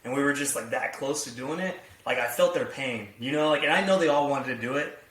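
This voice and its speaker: A man's voice: mid-range voice, a little fast, fairly bright tone. A man co-hosting a podcast in casual chat, rambling with many fillers. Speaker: podcast co-host and youth coach. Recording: echoey room, distant from the mic.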